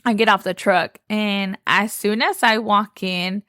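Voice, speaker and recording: A young woman from Texas tells a story on her podcast, gushing and full of "like". Her voice sits at a middle pitch. The close mic gives a dry sound no room in it. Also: steady tone, unhurried, a bit bright, no room sound. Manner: chatty, gushing, says "like" often. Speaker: podcast host. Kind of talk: casual storytelling.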